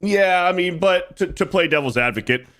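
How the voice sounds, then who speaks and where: A man's voice: high voice, lively intonation, moderate pace, a bit bright. Blunt, crude podcast host man. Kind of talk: casual chat.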